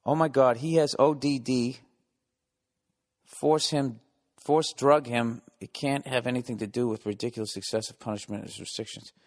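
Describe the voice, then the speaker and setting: A man's voice: mid-range voice, steady tone, moderate pace, long reverb tail. A man hosting a comedy podcast, delivering a casual, rambling monologue full of profanity and sarcasm. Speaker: podcast host.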